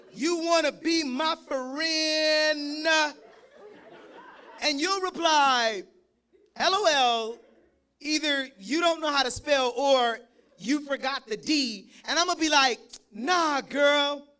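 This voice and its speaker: High, bright-voiced male spoken word poet. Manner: profane, joking, rhythmic delivery. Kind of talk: spoken word performance with comic banter. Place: live stage at an event.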